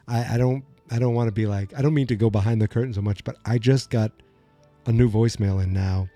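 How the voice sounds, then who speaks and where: A man in his forties hosts a comedic solo podcast. He rambles in a self-deprecating, mock-dramatic way. His voice is low and mellow. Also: fairly even intonation, brisk, dry recording, faint music behind. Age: 40s. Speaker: podcast host.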